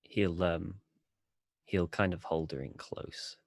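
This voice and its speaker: A man's voice: low-pitched, slow, creaky, no echo, clean studio sound. A man playing a tabletop role-playing game who describes his character's actions in a loose, hesitant way. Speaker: player. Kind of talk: tabletop role-play, casual.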